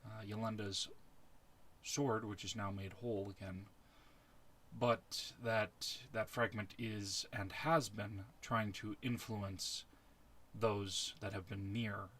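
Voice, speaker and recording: A man narrating a tabletop game as its game master in a slow, measured way. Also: fairly low pitch, fairly even intonation, fairly bright tone.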